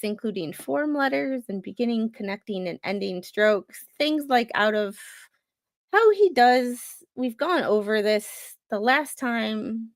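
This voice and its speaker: A woman hosting a commentary stream, reading court documents aloud in a halting, rambling way, with many fillers and restarts. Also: a little high, no room sound. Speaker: commentary host.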